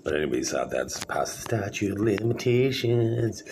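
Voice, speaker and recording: A man in his forties talking casually and rambling, with many halting restarts, as he introduces his own clips. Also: lowish voice, sing-song, background noise. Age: 40s. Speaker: video creator.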